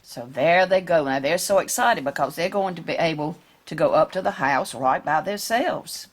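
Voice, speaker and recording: A woman reading a picture book aloud to children, gently asking them questions along the way. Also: sits low, moderate pace.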